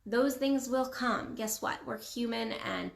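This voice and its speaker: A woman relationship coach speaking straight to her viewers in an emphatic, casual way, repeating phrases for weight and slipping into quoted voices. Her voice sits a little high, and the room gives it a clear echo. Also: slow pace. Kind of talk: casual vlog monologue. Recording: roomy echo.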